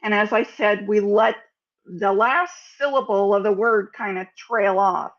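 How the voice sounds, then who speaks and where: Slow, deliberate American woman coach. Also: medium pitch, muffled recording. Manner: slow, deliberate, over-enunciates example words. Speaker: sales speaking coach. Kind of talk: instructional talk to camera.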